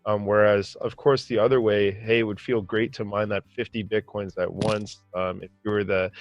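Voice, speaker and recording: A man hosting a casual interview, speaking relaxed with many fillers. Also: on the low side, normal speed, no room sound. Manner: relaxed, uses fillers and frequent "you know". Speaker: podcast host. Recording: dry, dull lo-fi audio with faint music.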